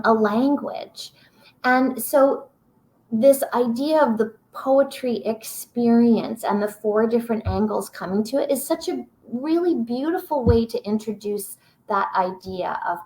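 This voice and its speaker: Slow, encouraging woman teaching a webinar. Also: fairly high pitch. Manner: warm, encouraging, reads poems slowly aloud. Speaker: teacher-educator presenting a webinar.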